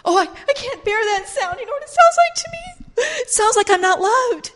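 A woman's voice: very high-pitched, big pitch swings, normal speed, pitched above the performer's own voice. A woman acting out a frightened, guilt-ridden person who wails in despair. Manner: wailing, whiny.

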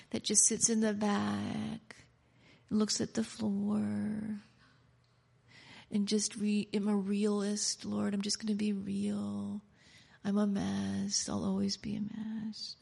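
A woman voicing a defeated, hopeless believer who talks quietly and resignedly, sometimes half-whispering. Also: mid-range voice, completely flat delivery, slow, creaky, breathy edge, full character voice. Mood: resigned, mopey.

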